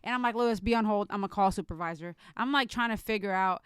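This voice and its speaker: A young woman, co-hosting a casual chat podcast and telling a story in an animated way, cursing freely. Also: mid-range voice, fast, clean tone, no echo, clean studio sound. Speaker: podcast co-host. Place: hotel room floor.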